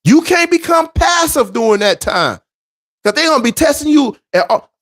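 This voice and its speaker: Brief: high-voiced man, relationship-advice monologue, preachy, emphatic, lively swings. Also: normal speed. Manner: emphatic, repetitive, street-preacher cadence.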